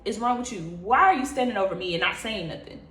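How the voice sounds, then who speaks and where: Exasperated mother, blunt and scolding, raised pitch; a woman puts her on. Roomy echo. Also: animated, fast, fairly bright tone, close to an everyday voice.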